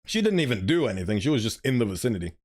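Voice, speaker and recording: A man's voice: mid-range voice, big pitch swings, racing. A man streaming a story game, reading it aloud and chatting animatedly, sometimes fumbling for words.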